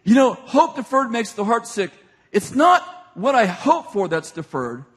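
A man preaching a sermon. He retells scripture in everyday speech and builds to shouted, excited appeals. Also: very high-pitched, measured pace, breathy edge. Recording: long hall reverb.

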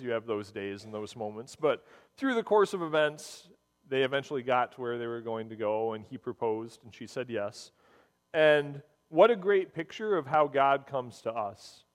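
A man preaching a sermon, telling stories in an earnest, animated way. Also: mid-range voice, in a large hall. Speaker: pastor.

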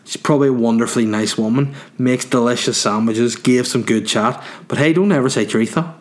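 Crude, giggly comic. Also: male voice, medium pitch, brisk. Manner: crude, rambling, laughs at own jokes. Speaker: comedian answering listener questions.

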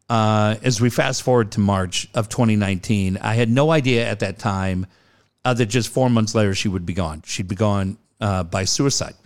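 A man's voice: fairly low pitch, clean tone. A middle-aged man, a podcast co-host, telling a personal story in an earnest, conversational way. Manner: earnest, conversational, hesitant with fillers. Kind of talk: personal storytelling in casual chat.

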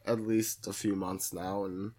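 A man co-hosting a podcast, chatting casually about a film with dry, deadpan quips. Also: deep voice, measured pace. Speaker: podcast co-host. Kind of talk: casual chat.

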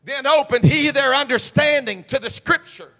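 High, bright-voiced preaching pastor. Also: male voice, moderate pace, in a large hall. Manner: swings from low murmurs to shouted, sing-song preaching cadence. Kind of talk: pentecostal-style preaching sermon. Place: church midweek service.

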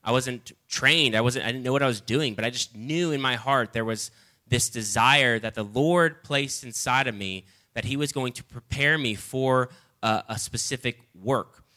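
A man preaching a sermon and reading scripture, earnest and halting, often repeating words as he restarts. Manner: rises loud and high when reading quoted lines.

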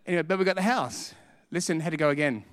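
A man's voice: fairly high pitch, fast talker, big-room sound. A middle-aged man with an Australian accent preaching a sermon. He tells stories with animation and hammers points home by repeating them. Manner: animated storytelling, emphatic repetition.

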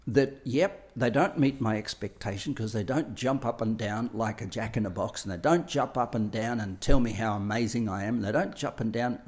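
A man's voice: lowish voice, normal speed, few pauses, darkish tone. A man co-hosting a podcast, talking casually and acting out little everyday scenes with playful voices. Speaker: podcast co-host. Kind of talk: casual conversational chat.

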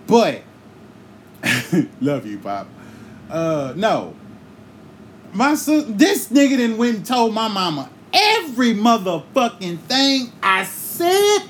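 A man hosting a podcast, telling a comic story in a loose, profane, animated way and breaking into sung bits now and then. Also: sits high, takes it slowly, pauses often, a little hiss or hum. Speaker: podcast host.

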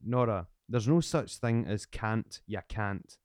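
A man's voice: on the low side, takes it slowly, darkish tone, no echo, studio quality. A man hosting a podcast, cheeky and teasing, swearing casually as he chats. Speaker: podcast host.

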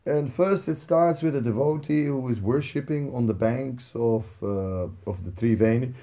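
A man gives a devotional talk in a soft, conversational way, leaning on fillers as he tells stories. His voice is gravelly and sits at a middle pitch. He sounds like a spiritual teacher speaking to a gathering. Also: normal speed.

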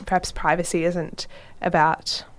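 A woman co-hosting a discussion, speaking in a careful, measured way and reading a long passage aloud slowly. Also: fairly low pitch, level tone, a bit bright. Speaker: podcast co-host.

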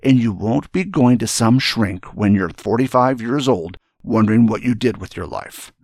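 A man's voice: lowish voice, animated, moderate pace, vocal fry, darkish tone, no room sound, clean studio sound. An older man, a retired general, telling a story and giving earnest, emphatic advice in a speech to young students.

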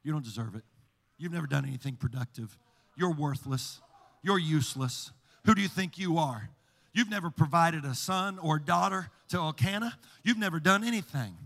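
A man voicing a taunting, scornful rival woman who belittles in quick jabs, in a reverberant church. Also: on the high side, lively intonation, vocal fry, fairly bright tone, voice pushed down. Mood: sneering. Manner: sneering, belittling, rapid taunts.

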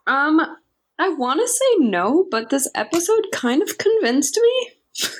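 A woman's voice: sits high, big pitch swings, takes it slowly. A woman guest on a podcast, giving thoughtful, hesitant opinions in casual chat.

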